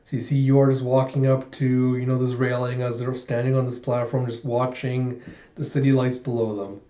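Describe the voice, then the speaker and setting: A man's voice: medium pitch, level tone, normal speed, warm tone. A man casually recapping a manga chapter in a chatty way, retelling scenes line by line, recorded in an echoey room with dull sound. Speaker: manga reviewer.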